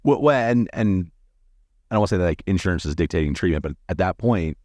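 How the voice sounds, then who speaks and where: A man's voice: low voice, animated, quick pace, a little mellow, no room sound, studio quality. A man hosting a podcast in loose, casual chat, with a lot of "like" and restarts. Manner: loose and rambling, full of "like". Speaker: podcast host.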